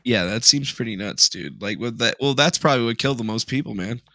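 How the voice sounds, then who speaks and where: Very bright-voiced laid-back male streamer. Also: mid-range voice, fast talker, no room sound. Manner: laid-back, profane, jokey. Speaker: livestream host. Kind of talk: casual chat.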